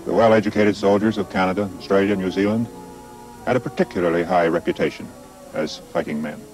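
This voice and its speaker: An older man narrates a history documentary in a measured, deliberate way, dropping in dry, wry remarks. His voice sits low, with faint music running beneath. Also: animated, creaky, a little mellow, poor audio. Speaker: documentary presenter.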